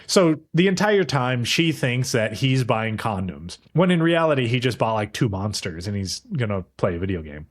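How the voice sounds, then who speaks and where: A man's voice: mid-range voice, expressive, normal speed, hardly any pauses. A man co-hosting a podcast, chatting casually about anime, rambling and swearing freely, briefly acting out characters' lines. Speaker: podcast co-host. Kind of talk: casual anime review chat.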